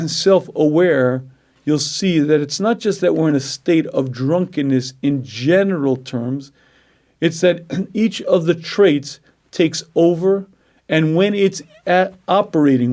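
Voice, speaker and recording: A man giving a Jewish ethics lecture, clearing his throat often and driving points home with rhetorical questions. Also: on the high side, darkish tone. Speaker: Torah lecturer. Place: lecture room.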